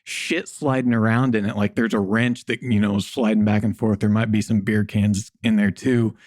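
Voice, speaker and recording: A man's voice: on the low side, little pitch movement, normal speed, a little mellow, dry recording, studio quality. A man as a podcast guest, talking bluntly and jokily and swearing casually. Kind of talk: casual interview chat.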